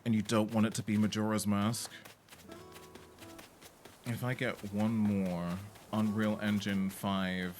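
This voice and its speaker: A man's voice: lowish voice, flat delivery, takes it slowly, pauses often, darkish tone, soft background music. A man chatting casually on a live game stream, opinionated and talkative, talking to his cat between bits of gameplay.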